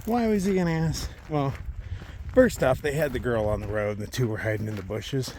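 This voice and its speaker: A man in an average pitch range, ranting outdoors on a hiking trail into a handheld camera. His casual, profane storytelling swings between loud bursts and muttered asides, with a faint hiss of noise underneath. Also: normal speed. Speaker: long-distance thru-hiker vlogger.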